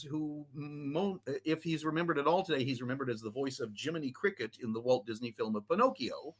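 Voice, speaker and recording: A man, a film historian guest on a podcast, telling anecdotes in an animated way with many fillers. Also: medium pitch. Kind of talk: podcast storytelling.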